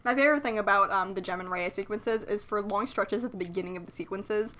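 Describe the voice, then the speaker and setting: A woman's voice: mid-range voice, fast, fairly bright tone, slight background noise. A woman co-hosting a podcast in casual chat, sarcastic and joking, swearing freely. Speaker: podcast co-host. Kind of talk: casual chat recapping a cartoon.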